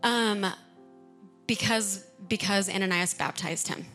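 A woman worship singer speaking casually onstage, halting with fillers. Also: mid-range voice, bright, forceful tone, soft background music.

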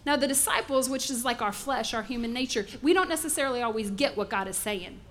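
Bright high-voiced woman preaching. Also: fast. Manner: animated preaching, acts out voices in asides. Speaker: pastor. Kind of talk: sermon.

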